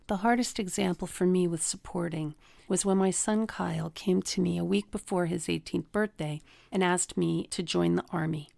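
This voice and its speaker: A middle-aged woman hosts a self-help talk on relationships, with a gravelly, creaky edge to her voice. She teaches through personal anecdotes and acts out the people she quotes. The sound is dry and close, with no room echo. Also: on the low side, steady tone, normal speed, darkish tone. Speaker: relationship coach, podcast host.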